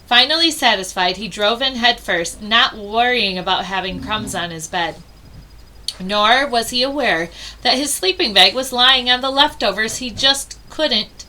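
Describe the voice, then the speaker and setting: A woman reading a children's storybook aloud with expressive delivery and dramatic pauses. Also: mid-range voice, a little hiss or hum, rough recording. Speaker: storybook reader.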